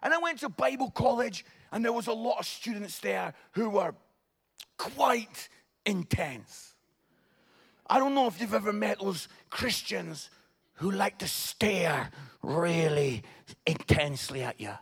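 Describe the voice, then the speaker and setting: A man preaching a sermon, telling jokey, animated stories. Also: sits high, a little slow, vocal fry, husky.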